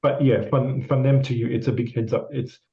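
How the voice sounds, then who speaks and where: A man's voice: medium pitch, steady tone, a little fast, creaky. An Australian man, a psychic medium, giving a casual, rambling and encouraging reading full of repetitions and fillers. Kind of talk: casual spirit reading with a guest. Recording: slightly dull lo-fi sound.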